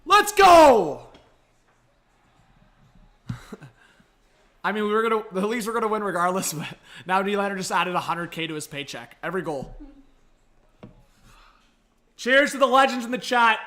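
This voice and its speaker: Bright, high-voiced hyped hockey streamer. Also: male voice, normal speed, pauses often. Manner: excitable, hyped, addresses the chat directly. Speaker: live-stream hockey commentator. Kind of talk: live reaction commentary.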